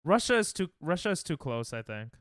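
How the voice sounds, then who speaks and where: A man's voice: a little high, big pitch swings, a little fast, fairly bright tone, dry recording, clean studio sound. Joking young American man streaming games. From United States. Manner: joking, trash-talking chat, thinking aloud. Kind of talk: casual live-stream chatter while playing.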